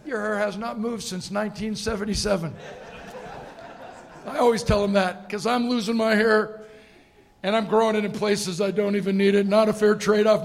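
Middle-aged guy on a conference stage, high raspy voice, keynote talk cracking jokes, does little voices for people. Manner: storytelling with comic asides and acted-out quotes. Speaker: keynote speaker. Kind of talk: motivational keynote speech with humorous stories.

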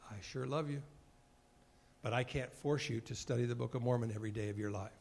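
A man's voice: mid-range voice, a little fast, vocal fry, a little mellow. A man giving an earnest sermon, bearing testimony and acting out short dialogues from his time as a mission president, at moments choked up with emotion. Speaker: former mission president giving a devotional talk.

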